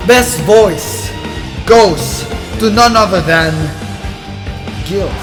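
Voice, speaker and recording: A man reviewing anime who announces joke awards like a theatrical show host, swinging between loud shouts and low mutters. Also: slow pace. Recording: long reverb with music underneath.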